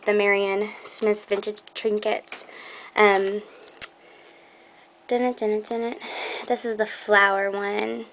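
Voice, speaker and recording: A young woman in a casual haul video talks in a mid-range voice, rambling and excitable as she moves from item to item. Her speech is full of ums and restarts. Faint noise and crinkling sit under the recording. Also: mid-range voice, low-quality recording. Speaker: scrapbooking vlogger.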